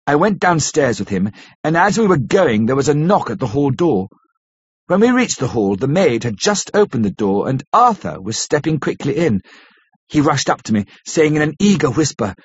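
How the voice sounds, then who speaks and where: A man narrating a classic novel as an audiobook in a measured, steady storytelling manner. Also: on the high side, husky, dry recording. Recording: dull lo-fi recording.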